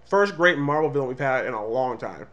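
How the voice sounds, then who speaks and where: A man co-hosting a casual comic review show, talking animatedly and dropping into quick voices when he quotes characters. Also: medium pitch, animated, fairly bright tone, lo-fi sound. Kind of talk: casual movie review chat.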